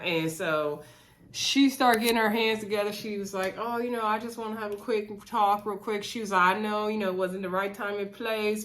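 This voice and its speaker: A woman's voice: fairly low pitch, a bit bright. A woman hosting a casual reality show recap, talking straight to her viewers and acting out what the cast said. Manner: chatty, addresses viewers as y'all, acts out quotes. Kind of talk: casual chat.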